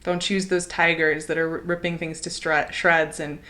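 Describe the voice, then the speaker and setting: Woman, tarot reader, casual chat, slightly low voice, encouraging, enthusiastic. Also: flat delivery, moderate pace. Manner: chatty, warm and encouraging, many "like" and "right?" fillers; enthusiastic, laughs often. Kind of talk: casual intuitive tarot reading to viewers.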